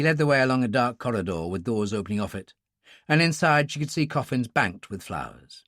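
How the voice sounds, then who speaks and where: A man narrating a thriller audiobook in a measured, expressive way. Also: mid-range voice, no room sound, clean studio sound. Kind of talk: scripted narration.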